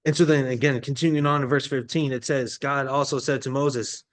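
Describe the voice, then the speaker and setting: A man's voice: mid-range voice, fairly even intonation, fairly quick. A male pastor delivering a sermon, explaining a Bible passage in a teaching manner with frequent restarts.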